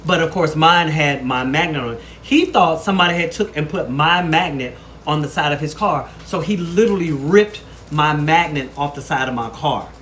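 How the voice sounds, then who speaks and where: A man chatting casually to camera in a weekly vlog, telling stories and showing off products in an animated, talkative way. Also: fairly high pitch, normal speed, hardly any pauses. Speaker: vlogger. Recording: noticeable background noise.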